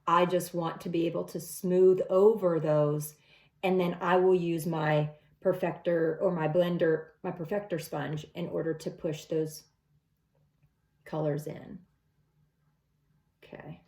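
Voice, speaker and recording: A woman's voice: fairly low pitch, little pitch movement, a little slow, a little mellow. A middle-aged woman talking through a makeup tutorial step by step in a casual, chatty way. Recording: echoey room.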